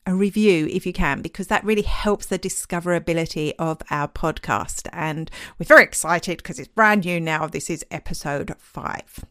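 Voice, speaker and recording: A woman's voice: lowish voice, normal speed, few pauses, fairly bright tone. A woman with an Essex accent co-hosting a podcast, chatting casually with frequent laughs and ranty asides. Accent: Essex English. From England. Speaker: podcast co-host.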